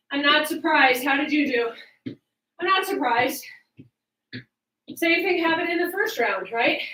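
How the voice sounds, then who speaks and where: Bright-voiced woman fitness coach, out of breath. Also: sits high, reverberant, recorded from a distance, rough recording. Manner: upbeat, coaching while exercising. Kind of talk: workout instruction. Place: home workout space with fan.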